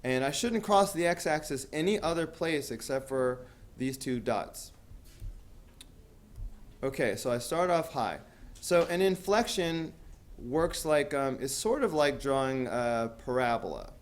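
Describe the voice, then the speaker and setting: A man's voice: medium pitch, lively intonation, unhurried, a little hiss or hum. A man teaching a math class, talking casually with lots of fillers and asking students questions. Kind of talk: classroom lecture.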